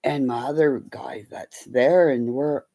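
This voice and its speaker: A live streamer in middle age, she talks at a measured pace in a deep, rumbling voice. Her casual chat is full of meandering, foul-mouthed tales, told with energy as she performs each quoted character's voice.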